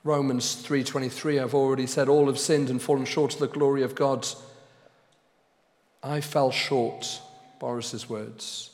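Slow, deliberate preacher in a reverberant hall. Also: male voice, medium pitch, little pitch movement. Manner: slow and deliberate, with loud emphatic stresses. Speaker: pastor. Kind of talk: sermon.

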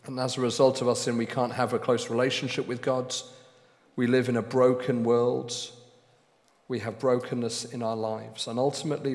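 A man preaching a sermon as pastor, speaking slowly and deliberately and pressing hard on key words. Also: medium pitch, long reverb tail. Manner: slow and deliberate, with loud emphatic stresses.

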